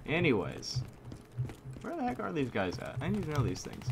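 A man giving live commentary over his own gameplay, excitable, repeating himself and using mild minced oaths. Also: a little high, normal speed, gravelly, background noise. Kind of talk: live video game commentary. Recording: loud game gunfire under voice. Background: gunfire and shooting game sounds.

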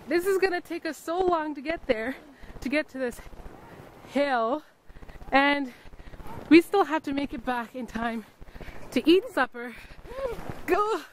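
A young woman chatting casually in a family vlog, playful and quick to laugh, partly walking outdoors through deep snow. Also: lively intonation, slight background noise, low-quality recording. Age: young adult. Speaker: vlogger mother.

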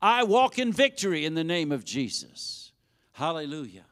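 High-voiced man preaching fervently. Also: big pitch swings, moderate pace. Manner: shouting, preaching with rising intensity. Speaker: pastor. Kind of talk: fiery sermon and prayer. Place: church sanctuary.

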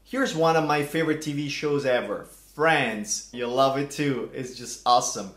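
A middle-aged man hosting a casual vlog, animated and theatrical, with mock outrage. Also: mid-range voice, normal speed. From Italy. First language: Italian. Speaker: language channel host. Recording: echoey room.

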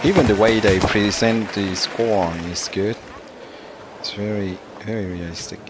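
A man playing a mobile tennis game and commenting live, excitable and self-critical, with frequent exclamations. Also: fairly low pitch, a little slow, over loud music. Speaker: mobile game let's-play host. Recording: loud background noise.

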